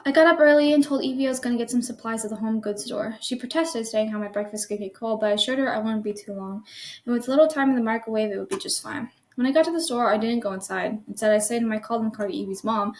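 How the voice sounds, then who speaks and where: A woman's voice: a little high, quick pace, a little mellow. A woman narrating a creepy first-person story aloud, tense and with small slips and restarts.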